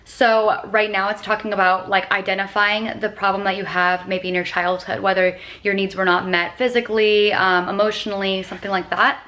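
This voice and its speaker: A young woman in her twenties chatting casually to her phone camera for a vlog. She is bubbly and excitable, drops in plenty of casual fillers, and reads book passages aloud in a calmer voice. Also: medium pitch, fairly quick, few pauses. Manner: bubbly and excitable, heavy on filler words like "dude" and "like". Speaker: lifestyle vlogger.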